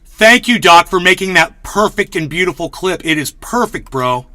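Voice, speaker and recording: Brash, bright-voiced male streamer. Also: high-pitched, lively intonation, moderate pace. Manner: sarcastic, profane, mocking. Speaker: livestream host. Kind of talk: casual ranting commentary.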